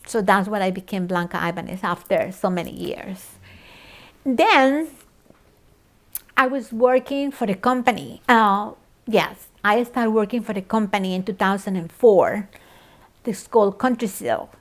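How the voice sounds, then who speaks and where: Earnest middle-aged woman telling her story. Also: mid-range voice. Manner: emotional, repetitive, earnest. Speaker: church member sharing her story. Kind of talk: personal testimony.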